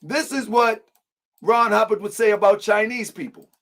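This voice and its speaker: A man's voice: high voice, moderate pace, a bit bright. A man hosting an online show, reading aloud and reacting in casual slang with frequent laughter.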